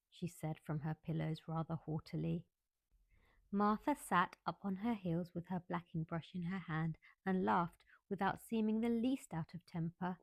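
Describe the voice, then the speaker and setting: A woman reads a classic novel aloud as a bedtime story, calm and measured. Her voice sits a little low. The recording is close and dry. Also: vocal fry, no echo.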